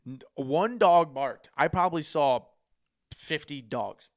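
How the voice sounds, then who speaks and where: A man's voice: fairly high pitch, lively intonation, slow, no room sound, studio quality. An American man hosting a podcast, telling a long travel story in casual chat, swearing often and rambling. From United States. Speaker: podcast host.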